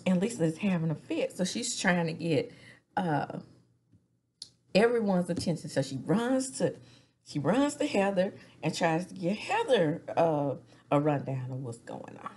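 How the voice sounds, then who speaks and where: A woman's voice: fairly low pitch, animated, measured pace, darkish tone, slight background noise. A woman in her forties chatting casually through a reality-TV recap, gossipy, laughing often and dropping into whispers. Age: 40s. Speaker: recap vlogger.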